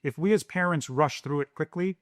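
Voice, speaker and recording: A man co-hosting a parenting podcast, talking slowly and soothingly as he explains how to calm a scared child. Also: fairly high pitch, dry recording, clean studio sound. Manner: slow, soothing, deliberate. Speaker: podcast co-host. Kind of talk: calm parenting advice chat.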